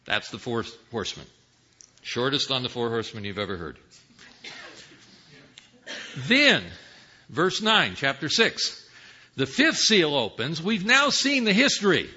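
A man preaching a sermon, teaching Bible passages with rhetorical questions, swinging from hushed asides to emphatic calls. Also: medium pitch, wildly swooping pitch, normal speed, husky. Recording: dull lo-fi sound.

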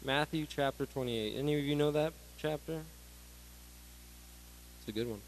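A man in his twenties giving a sermon to graduates, animated, swinging between loud bursts and hushed asides. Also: a little high, normal speed, slight background noise, poor audio. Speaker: graduation speaker.

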